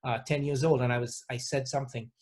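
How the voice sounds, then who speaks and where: A man hosting a casual interview chat, talking hesitantly and softly with many restarts. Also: mid-range voice, fairly even intonation, fast talker. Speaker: podcast host.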